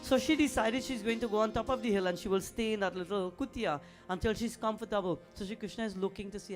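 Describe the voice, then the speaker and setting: A man's voice: sits high, fast, few pauses. A man, a pundit, preaching a storytelling sermon in a temple in a folksy, conversational way. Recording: music in the background.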